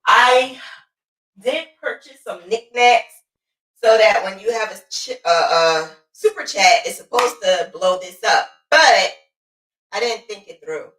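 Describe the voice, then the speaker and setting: Woman, livestream host, casual and lively, mid-pitched, echoey room, distant mic. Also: measured pace. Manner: lively, playful, greets viewers by name. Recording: roomy sound, mic at a distance.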